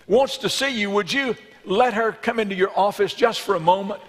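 A male preacher voicing a polite office receptionist who speaks quickly and courteously. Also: sits high. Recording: long reverb in a church sanctuary.

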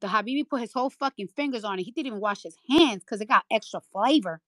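Heated high-voiced woman ranting. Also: fast, noisy background. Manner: heated, profane, repeats lines for emphasis. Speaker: rapper hosting a live audio chat room. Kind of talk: angry live-stream rant.

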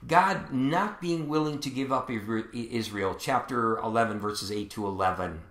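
A man's voice: mid-range voice, normal speed, a bit bright, roomy sound. A man preaching a sermon as pastor, explaining scripture with some fillers and restarts, and reading verses aloud with rising emphasis.

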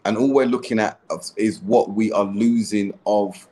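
Male host, low-pitched, deliberate and reflective delivery. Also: fairly even intonation, warm tone. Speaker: podcast host. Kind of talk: reflective religious discussion.

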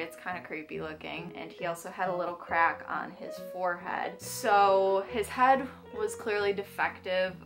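A young woman vlogger chatting casually through an unboxing, gushing with excited squeals and gasps. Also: on the low side.

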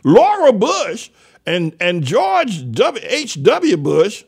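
An older man with a somewhat high voice rambles through sardonic political commentary. He trails off into asides, restarts his sentences and mocks as he goes. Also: huge pitch swings, extremely slow, gravelly, darkish tone, husky. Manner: mocking, sardonic. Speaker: radio show host.

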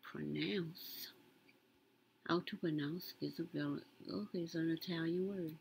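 A woman's voice: sits low, steady tone, unhurried, gravelly, a little hiss or hum, rough recording. A woman, casually commenting on a news story as she browses, muttering to herself and reading aloud with emphasis. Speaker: content creator reading news.

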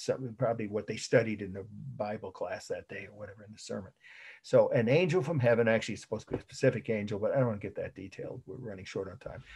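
A middle-aged man gives a conversational art history lecture in a classroom, his voice lowish, darkish, and slightly rough. He often repeats words and chuckles at his own asides.

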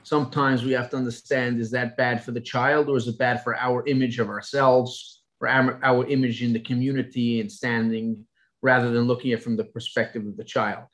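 A man, a rabbi moderating, asking a measured, thoughtful question on a video call. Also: mid-range voice, level tone, a bit bright.

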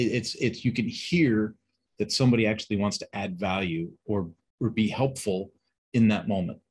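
A sales and service trainer with a low-ish, husky voice teaches a webinar, coaching staff directly. He poses rhetorical questions and acts out sample phone calls in quoted voices.

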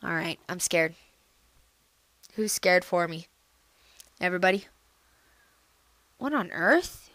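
A woman giving casual let's-play commentary on a computer game, chatty and excitable, jumping into squealy high bursts. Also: slow, pauses often, dry recording. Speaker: gameplay commentator.

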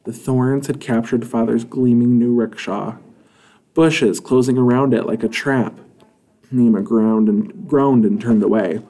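A man reading a children's chapter book aloud in an expressive, measured way. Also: medium pitch. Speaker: storybook reader.

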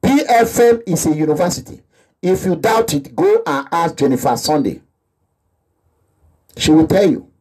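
A man's voice: a little high, expressive, moderate pace, pauses often, a little mellow, breathy edge. A man with a Nigerian accent delivering an impassioned, repetitive monologue that slips into pidgin phrases. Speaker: activist vlogger. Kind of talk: animated monologue.

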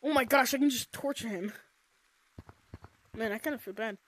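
A woman giving excited gameplay commentary, gushing and squealing, with "oh my gosh" and "dude" constantly. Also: a little high, normal speed. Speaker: gaming video creator.

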